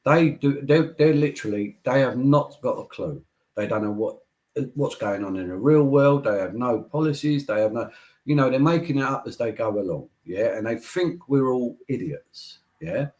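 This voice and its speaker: Emphatic man with a mid-pitched voice. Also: animated, normal speed, a little mellow. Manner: emphatic, repeats points, speechmaking. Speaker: political guest. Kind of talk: political interview.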